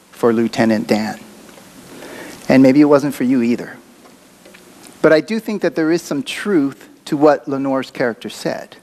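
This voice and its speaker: A man's voice: medium pitch, darkish tone. Conversational male pastor preaching a sermon. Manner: conversational and reflective, with occasional fillers.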